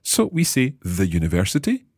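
A man hosting a language lesson, patiently explaining Italian words and slowing down to repeat phrases. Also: low voice, huge pitch swings, a little mellow, breathy edge, dry recording, clean studio sound. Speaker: language course host.

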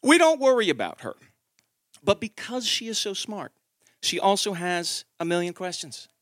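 A man in his thirties performing a stand-up comedy set, telling a story with animated delivery and acted-out quotes. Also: high voice, no room sound, clean studio sound.

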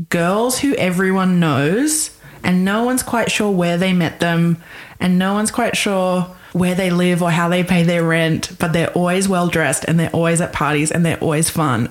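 Low-pitched woman chatting playfully. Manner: chatty, playful, builds long lists. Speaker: podcast co-host. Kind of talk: casual film podcast chat.

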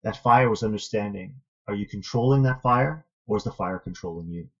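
A man with a low, gravelly, husky voice tells a personal story as a guest in an earnest, reflective way. The audio is dull and lo-fi. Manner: earnest, thoughtful, measured. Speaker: interview guest, martial arts student.

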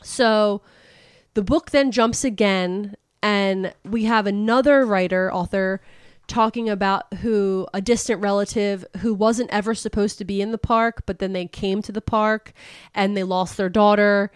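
A woman recounting a book's plot in loose, casual chat, with lots of "like" and "um". Her voice is at a middling pitch and comes across dry and close, with no room echo. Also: fairly even intonation, a little slow, clear, resonant tone. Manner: chatty, with many fillers, laughing and swearing. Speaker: podcast host. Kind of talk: casual book recap chat.

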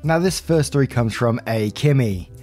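A man's voice: mid-range voice, lively intonation, normal speed, a little mellow, faint music behind. A man hosting a channel, casually reading aloud online stories about neighbours in a chatty, friendly way.

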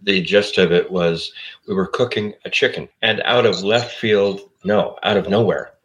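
Co-host, fifties, very deep voice, rambling teller. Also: male voice, moderate pace, a bit bright, dull audio. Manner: rambling storyteller, self-interrupting. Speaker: show producer and co-host. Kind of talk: casual comedy podcast chat.

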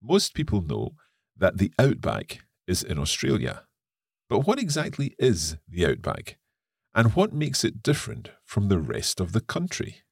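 A Scottish man co-hosting an English lesson podcast, reading a text aloud and explaining words clearly. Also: fairly low pitch, huge pitch swings, unhurried, no echo, studio quality. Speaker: co-host and English teacher.

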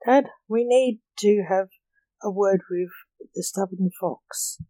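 A storyteller reading the lines of a stern, snappish grown son who rules as emperor, in a slow, mellow voice. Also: mid-range voice, no room sound, natural voice, rough recording.

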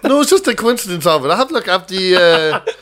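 A man's voice: sits high, big pitch swings, fast talker, a bit bright. An Irish man co-hosting a comedy podcast, telling rambling stories full of fillers. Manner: rambling anecdotes with many fillers and laughs. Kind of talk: casual chat.

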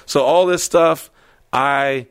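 A man casually telling a story on a podcast, animated and profane, acting out the voices of other people. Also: medium pitch, takes it slowly, clear, resonant tone, no echo, clean studio sound. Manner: animated, swears a lot, acts out voices.

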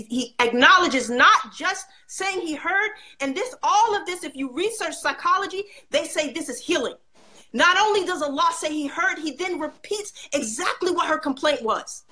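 A woman's voice: high voice, bright, forceful tone. A woman speaking passionately and emphatically in a religious discussion, with pointed rhetorical questions.

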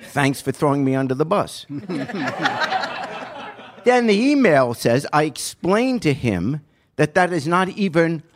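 A man's voice: on the high side, unhurried, pauses often, background noise. An older man spins a family anecdote on a podcast. His voice rises and falls widely as he acts out each quoted line. The talk is casual and chatty. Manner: animated storyteller, acts out quotes. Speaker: podcast host. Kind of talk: casual storytelling chat.

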